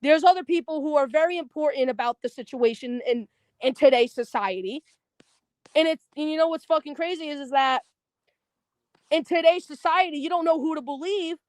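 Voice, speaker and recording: A woman on a livestream tears into someone in a blunt, profane rant. Her voice sits high and the sound is dry, with no room around it. She talks fast and heated, swearing freely. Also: no echo. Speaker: stream guest.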